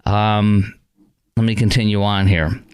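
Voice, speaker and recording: A man's voice: lowish voice, flat delivery, unhurried, clean tone. A man hosting a talk radio show, delivering an indignant, rambling monologue with many fillers and restarts.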